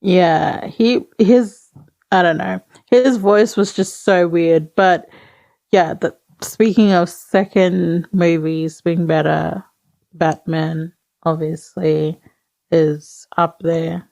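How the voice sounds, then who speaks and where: Slow, gravelly-voiced woman chatting. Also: on the low side, fairly even intonation, dark tone, no echo. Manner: hesitant, rambling with many fillers. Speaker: podcast co-host. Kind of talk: casual chat.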